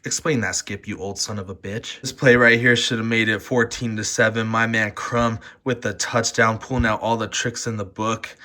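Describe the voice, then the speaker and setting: A male sports commentator with a fairly low, steady, sharp voice launches into a heated rant about a football game at a normal speed with few pauses. He's brash and mocking, hurling profane trash talk at his critics.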